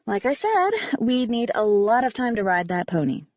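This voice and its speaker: A woman's voice: fairly high pitch, sing-song, moderate pace, darkish tone, dry recording. A woman narrating a first-person audiobook in a wry, conversational way. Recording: dry, slightly dull recording.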